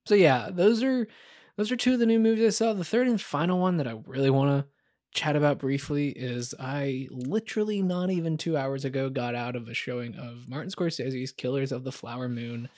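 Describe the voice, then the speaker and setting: A man's voice: medium pitch, a little fast, darkish tone, dry recording, studio quality. Candid rambling podcast co-host, man. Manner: rambling, candid, heavy on fillers. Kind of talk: casual film chat.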